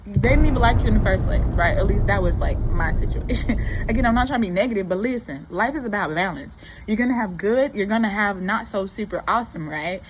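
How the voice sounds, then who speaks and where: A woman giving an animated motivational talk to her viewers, calling them baby and y'all. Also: medium pitch, fast, background noise. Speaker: motivational vlogger. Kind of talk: casual motivational talk to camera.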